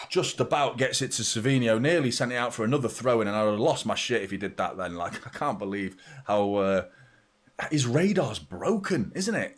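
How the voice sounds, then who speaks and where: Sweary football fan commentating. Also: male voice, on the low side. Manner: blunt, sweary fan chatter mixed with play-by-play. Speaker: fan channel host. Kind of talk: live match watchalong commentary.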